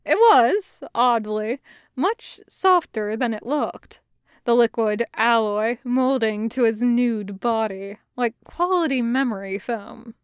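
A woman narrates a fan fiction audiobook at a slow, even pace. Her voice sits fairly high and sounds smooth and clear. The recording is dry and close. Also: dry recording. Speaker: podfic reader.

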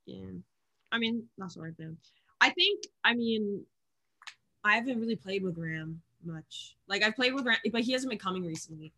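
A young woman co-hosting a podcast in casual, rambling chat, full of fillers and quick laughs. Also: medium pitch, expressive, sharp tone. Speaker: podcast co-host.

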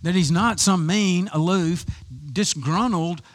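A man's voice: high voice, slow pace. A man preaching a conversational sermon, with frequent restarts and rhetorical questions. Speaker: pastor.

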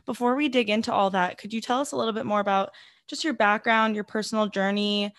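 A woman interview host asking a long, gentle question. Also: mid-range voice, steady tone, fast talker, dry recording, studio quality.

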